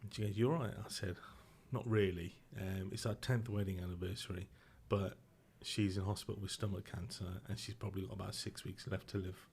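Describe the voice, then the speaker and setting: Middle-aged man, podcast guest, low voice, quiet and halting, emotional storytelling. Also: little pitch movement, a little hiss or hum. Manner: subdued, emotional, halting with restarts. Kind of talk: personal storytelling.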